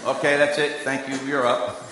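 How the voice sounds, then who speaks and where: A man giving a sermon, telling a story that swings between quiet asides and emphatic lines. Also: mid-range voice, little pitch movement, moderate pace, very noisy. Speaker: preacher and candidate recruiter. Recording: echoey hall with long reverb.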